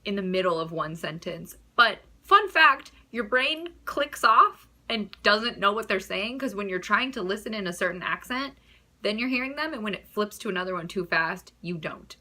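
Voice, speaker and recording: Bright, chatty young American woman. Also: mid-range voice, lively intonation, normal speed. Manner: chatty, giggly, trailing off and restarting. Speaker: vlogger. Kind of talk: casual storytelling to camera.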